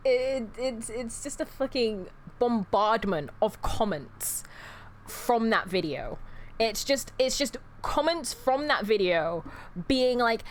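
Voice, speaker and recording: A woman's voice: on the high side, expressive, takes it slowly, a little hiss or hum. A young woman streamer in casual chat with her viewers, rambling, correcting herself and swearing as she goes.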